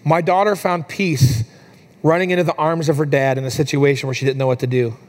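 Pastor, man, 30s, slightly high voice, chatty sermon delivery with fillers, climbs higher when moved. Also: fairly even intonation, fairly quick. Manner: conversational storytelling with fillers, rising higher and softer in emotional moments.

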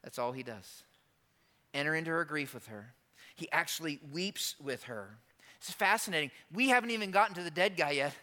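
A male pastor preaching an Easter sermon, dropping soft and low, then building loud and high. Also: animated, normal speed.

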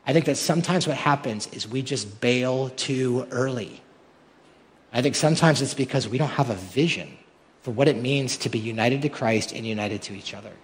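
A man's voice: medium pitch, normal speed. A male pastor preaching a sermon with rhetorical questions that build to emphatic peaks. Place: large church hall. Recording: long hall reverb.

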